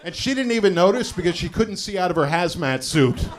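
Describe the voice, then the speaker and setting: Middle-aged male comic, slightly high voice. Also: expressive, fairly quick, a faint crowd. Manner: conversational storytelling with frequent "you know" asides. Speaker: stand-up comedian. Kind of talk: live stand-up set.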